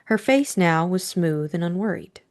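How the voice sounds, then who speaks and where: A woman reading scripted audiobook narration in a measured, even manner. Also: lowish voice.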